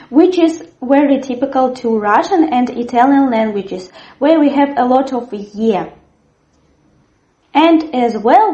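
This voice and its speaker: A woman teaching a language lesson, sounding out words slowly and cheerfully so viewers can repeat after her. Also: high voice, warm tone. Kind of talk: slow, clear language lesson. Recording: echoey room, dull lo-fi sound.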